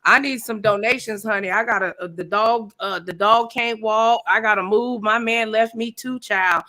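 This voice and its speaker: A woman hosting a casual gossip chat, with a bright, ringing voice pitched a bit high. She tells her story loudly and dramatically, acting out what people said. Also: steady tone, moderate pace. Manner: loud, dramatic storytelling with laughs and acted-out quotes. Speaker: host. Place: Las Vegas area, at home.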